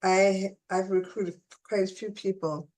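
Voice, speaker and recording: A woman's voice: mid-range voice, steady tone, a little slow, darkish tone. A woman hosting a casual conversational interview, chatty and restarting her phrases, with the hiccups. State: has the hiccups.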